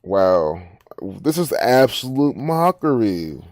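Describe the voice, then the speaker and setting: A man's voice: medium pitch, big pitch swings, slow pace, a little mellow, dry recording, clean studio sound. A man giving rambling, profane, incredulous commentary while reading social media posts. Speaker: online commentator.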